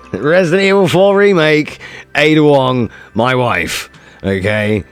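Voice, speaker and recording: A male streamer chats casually with his viewers over soft background music, joking, swearing a lot and reacting to chat. His voice sits on the high side and is clean-toned and animated, though he speaks at a slow pace.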